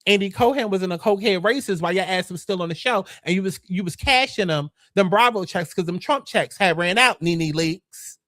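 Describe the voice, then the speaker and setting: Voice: medium pitch, brisk, hardly any pauses, fairly bright tone, dry recording. Sassy host ranting about celebrity drama, profane and mocking, dry mic. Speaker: host of a gossip commentary show. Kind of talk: casual gossip commentary.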